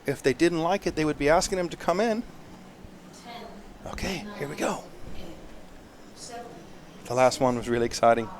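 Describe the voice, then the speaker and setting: A man commenting live on a race in a chatty, self-deprecating way, with excitable bursts. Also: on the high side, moderate pace, pauses often. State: a little out of breath.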